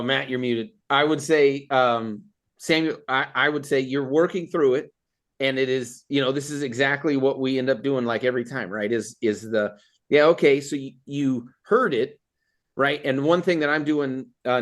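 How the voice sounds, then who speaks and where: Man on a video call hosting a comedy workshop, middling pitch, rambly, lots of ums and restarts. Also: moderate pace. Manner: rambling, many fillers and restarts. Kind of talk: casual chat on a video call.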